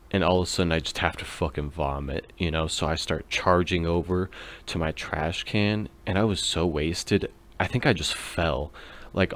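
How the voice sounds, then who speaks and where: Low-voiced young man telling stories. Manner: loose and profane, lots of fillers. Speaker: podcast host. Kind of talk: casual storytelling.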